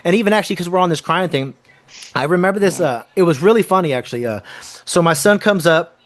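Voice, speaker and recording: A man's voice: sits high, expressive, fast. A middle-aged man hosting a podcast, telling stories in casual chat, swearing freely and laughing often. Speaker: podcast host.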